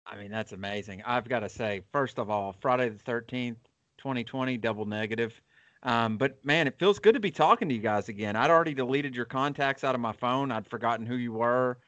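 A man co-hosting a movie podcast, teasing the others with deadpan jokes. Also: medium pitch, a little fast, dry recording, dull audio. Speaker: podcast co-host. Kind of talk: casual podcast chat.

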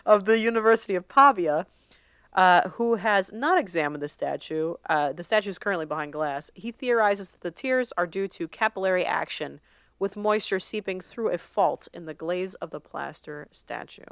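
Smooth-voiced woman podcast host. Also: fairly low pitch, lively intonation, normal speed, fairly bright tone, dry recording, studio quality. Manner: reads a list with loose asides and laughs. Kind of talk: casual podcast chat.

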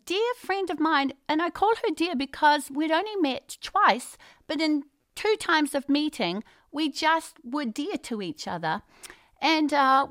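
A woman's voice: high-pitched, sharp tone, no room sound, clean studio sound. A woman guest telling a story in a casual chat, bubbly and often laughing.

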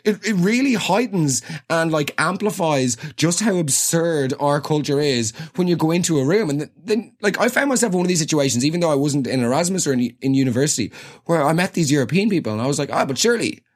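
A man with an Irish accent telling a comic story in a quick, sweary, exaggerated rant. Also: a little high, animated. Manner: rapid, sweary, exaggerated rants. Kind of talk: comedic storytelling monologue.

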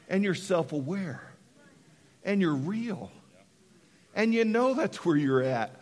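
A middle-aged man from Western Colorado preaching a sermon, dropping to hushed tones and rising to shouts. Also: high-pitched, animated, slow pace, long pauses, in a large hall. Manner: dramatic, swings from hushed to shouting. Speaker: pastor.

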